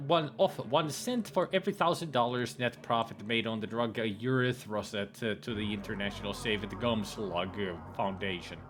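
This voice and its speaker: A let's player reads in-game messages and long jokes aloud while playing through a game on video, mocking them casually with fillers and slips. His voice is mid-range and a bit bright, with slight background noise.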